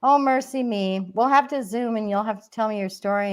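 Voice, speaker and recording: A woman's voice: mid-range voice, normal speed, hardly any pauses, smooth. A woman co-hosting a casual online chat, telling personal stories and reading viewer comments, getting emotional and laughing often. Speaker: co-host.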